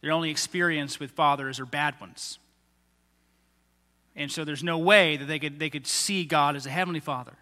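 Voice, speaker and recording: A pastor preaching a sermon, animated and acting out the lines of people in the story he tells. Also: on the high side, moderate pace. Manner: animated, acts out quoted voices of the crowds and leaders. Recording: long hall reverb.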